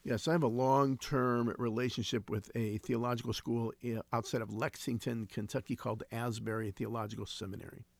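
This interview guest, a man in his sixties who founded a homeless ministry, shares stories in an earnest, reflective manner with frequent restarts. His mid-range, gravelly voice keeps a fairly even intonation and moves fairly quickly with hardly any pauses.

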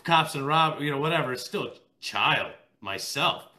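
A man in his thirties hosts a casual chat in a bright, clear voice. He talks in an easygoing way and leans on fillers like "you know" and "dude.". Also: fairly high pitch, animated, moderate pace.

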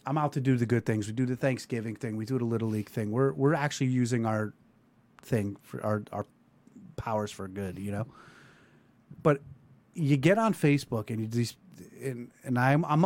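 A man hosting a casual talk show, ranting loosely with plenty of swearing. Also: medium pitch. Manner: animated, swearing, rambling rant. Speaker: podcast host.

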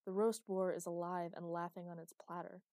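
A woman's voice: lowish voice, level tone, fairly quick, dark tone, dry recording, lightly acted. A woman voicing a cheerful young female writer who runs a fantasy game with sadistic glee. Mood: narrating. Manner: cheerful and teasing.

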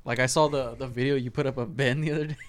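A man in relaxed, plainspoken casual chat. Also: mid-range voice, very fast, slight background noise.

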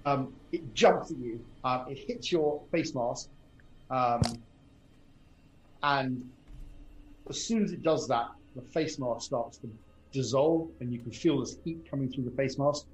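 A man's voice: mid-range voice, a little hiss or hum, low-quality recording. A man running a tabletop game as game master, describing the action with frequent ums and restarts. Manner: halting, many ums and restarts. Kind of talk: narrating a tabletop horror game.

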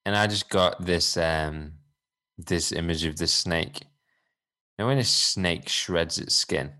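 Man, very deep voice, reflective, preachy, faith podcast co-host. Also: takes it slowly, sharp tone. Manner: reflective, preachy, rambling with restarts.

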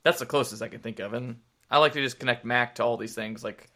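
A man's voice: medium pitch, fast, pushed and bright. A man co-hosting a sports podcast, talking casually and rambling off topic with the odd swear. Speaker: podcast co-host.

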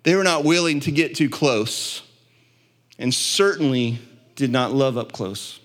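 A man preaching a sermon as pastor, building to impassioned peaks and dropping to quiet, low stretches. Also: a little slow. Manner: impassioned preaching, swelling louder and higher at peaks.

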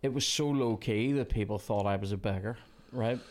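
A man's voice: fairly low pitch, moderate pace. Swearing Northern Irish man in his thirties. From Northern Ireland. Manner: swears often, muttering when frustrated. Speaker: podcast host. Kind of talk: casual chat while gaming.

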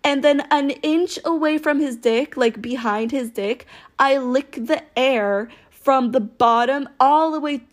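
A woman's voice: sits high, a little slow. A young woman telling a story to her viewers in a casual, rambling way, full of filler words and very candid. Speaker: storytime vlogger.

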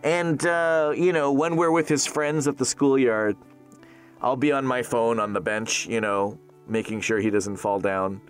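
A man in his thirties who works as a voice actor, chatting casually in an interview, animated and jokey, laughing often. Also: medium pitch, unhurried, clean tone, faint music behind.

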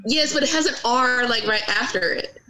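A woman's voice: a little high, normal speed, pushed and bright, slight background noise, low-quality recording. A woman with a Virginia accent, a guest in a casual chat who laughs easily and explains patiently.

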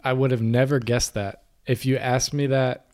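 Man, podcast co-host, earnest, reflective, mid pitch, casual chat. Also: little pitch movement, normal speed, darkish tone. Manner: earnest, reflective, many restarts. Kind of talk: casual conversation.

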